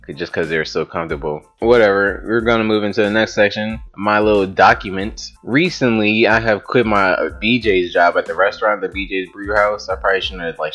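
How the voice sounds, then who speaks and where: A young man with a low, deep voice tells a story straight to camera, loose and rambling. He swears freely and leans on "like" between his words. Faint music plays underneath. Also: fairly bright tone. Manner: rambling, profane, with frequent "like" fillers and laughs. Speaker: vlogger telling a story. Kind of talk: casual storytelling monologue.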